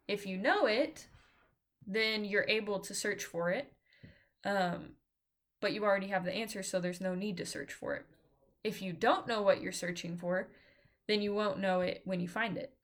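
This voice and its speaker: A woman teaching a philosophy class, her voice sitting at an ordinary middle pitch. She talks casually and haltingly, with frequent fillers and restarts. She sounds out of breath. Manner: casual, hesitant, many fillers and self-corrections. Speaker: philosophy lecturer. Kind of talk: informal recorded lecture.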